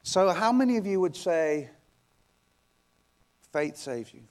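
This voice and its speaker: Guy pastor w a high voice, preaching hard, repeats himself a lot, goes loud then quiet. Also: expressive, slow. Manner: emphatic, repetitive, rhetorical questions; swings between loud and hushed. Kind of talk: sermon.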